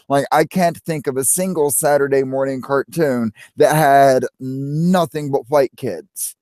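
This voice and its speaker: Male call-in guest: unhurried, halting delivery, somewhat high voice, dry close sound. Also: a little mellow, dry recording. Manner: slow, thoughtful, halting opinions with restarts. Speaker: guest on a live stream. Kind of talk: casual chat on a voice call.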